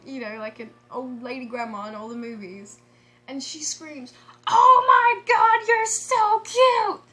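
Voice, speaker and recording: Woman, high voice, casual vlog storytelling, excitable, laughs a lot, restarts sentences. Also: a little hiss or hum. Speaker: vlogger.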